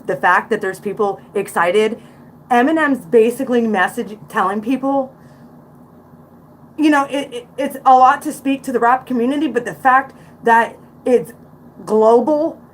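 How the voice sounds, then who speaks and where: This woman speaks at a measured pace in an expressive voice on the high side, with slight background noise present. In her forties and carrying a Central Pennsylvania accent, she hosts a casual livestream, reacting to music bluntly and outspokenly with preachy asides.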